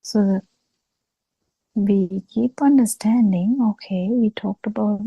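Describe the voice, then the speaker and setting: A woman giving a slow, halting dharma talk over a video call, pausing often as she explains. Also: medium pitch, creaky, breathy edge, no room sound, highs cut off. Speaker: Buddhist teacher.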